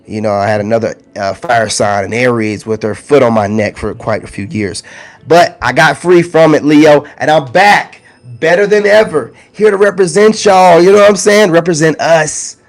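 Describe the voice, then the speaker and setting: A man talking casually and directly to his viewers, animated and teasing, with big swings in his voice. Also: on the high side, normal speed. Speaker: spiritual content creator. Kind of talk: casual direct-to-camera talk.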